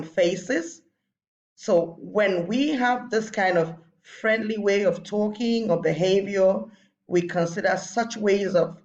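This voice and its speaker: Woman teacher, unhurried lesson for kids, muffled lo-fi sound. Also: medium pitch, a little mellow. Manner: patient, repeats points for young pupils. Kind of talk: recorded lesson for children.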